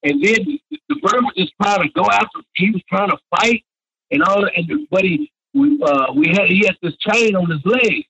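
Older guy rambling through old stories, kinda high husky voice, muffled radio sound. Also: animated, moderate pace, pushed and bright. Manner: rambling, repeats "and stuff like that". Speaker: retired pro wrestler, interview guest. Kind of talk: anecdotal storytelling.

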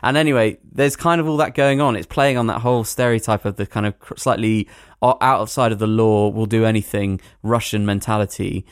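Lower-voiced man reviewing films. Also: fairly quick, few pauses, smooth, dry recording, studio quality. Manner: rambling, animated storytelling with hedging fillers. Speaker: podcast film reviewer. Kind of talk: casual podcast chat.

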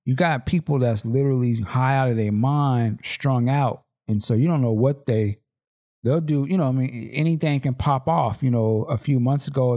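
With a warm, mid-range voice, this podcast co-host from Seattle, Washington spins stories in easygoing chat. He uses plenty of slang and performs the dialogue himself.

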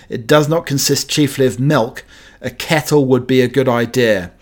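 A British-born man hosting a radio show, chatting in a meandering way with many fillers and playful asides. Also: mid-range voice. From Britain.

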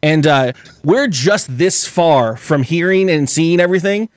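Podcast host, male, animated storyteller with a somewhat high voice, cursing and acting out quotes, dry close mic. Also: a little slow, no echo. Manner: animated, swearing, acts out quotes. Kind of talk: casual storytelling chat.

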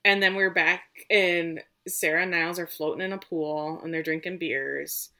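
A woman's voice: lowish voice, steady tone, moderate pace, pushed and bright. A woman co-hosting a casual podcast, retelling a film's scenes and quoting lines with animation. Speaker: podcast co-host. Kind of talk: casual movie recap chat.

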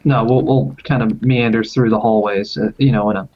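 A man's voice: fairly low pitch, steady tone, a little fast, darkish tone. A man playing a tabletop role-playing game, talking casually and joking. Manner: joking, laughs often. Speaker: player. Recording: slightly dull, faint noise.

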